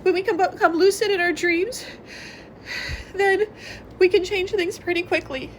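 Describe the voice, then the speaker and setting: A woman's voice: very high-pitched, steady tone, a little slow, a little hiss or hum. A woman vlogger talking in a rambling, emotional confessional monologue, tearful and congested, sometimes laughing through her tears.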